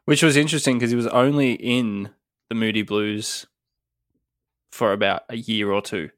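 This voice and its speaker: A young Australian man co-hosting a podcast, laid-back with deadpan jokes. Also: mid-range voice, normal speed, no room sound, studio quality. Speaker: podcast co-host. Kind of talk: casual chat.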